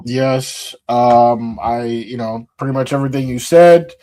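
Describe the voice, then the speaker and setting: A man co-hosting a casual sports talk stream, laid-back and slangy with halting starts. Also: mid-range voice, mellow. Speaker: podcast co-host.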